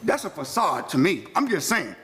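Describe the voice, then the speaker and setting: A resident with a New York City accent gives an impassioned public comment in a county commission meeting room, speaking emphatically, quoting scripture, and often restarting. His fairly high voice swings widely in pitch, is a bit bright and slightly rough, and moves at a normal speed.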